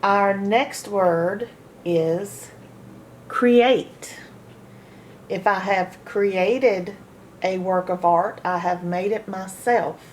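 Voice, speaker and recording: A woman teaching a phonics reading lesson, slowly sounding out and repeating each word for practice. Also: mid-range voice, a little hiss or hum. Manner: slow, deliberate, repeats words for practice.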